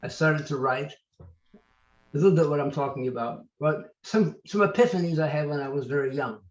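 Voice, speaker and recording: An older man, an author, telling lively anecdotes as an interview guest, often restarting his sentences. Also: a little high, moderate pace, reverberant, lo-fi sound. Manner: animated, anecdotal, trails off and restarts. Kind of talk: storytelling interview answers.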